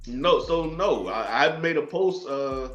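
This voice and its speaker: A man's voice: a little high, lively intonation, slow, a bit bright. A man from South Carolina with a Southern accent, tipsy, rambling and swearing freely as a guest on a casual podcast. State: tipsy from drinking. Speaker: guest, movie reviewer. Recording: dull lo-fi sound with faint music.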